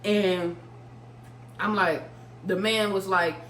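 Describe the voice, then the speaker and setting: Animated woman telling a story, echoey room. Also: mid-range voice, slow pace, a little hiss or hum. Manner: animated, swears freely, talks straight to viewers. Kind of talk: casual storytime.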